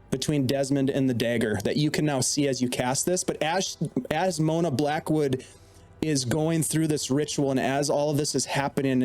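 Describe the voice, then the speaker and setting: A man narrating a tabletop game as dungeon master, with measured, descriptive delivery. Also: medium pitch, darkish tone.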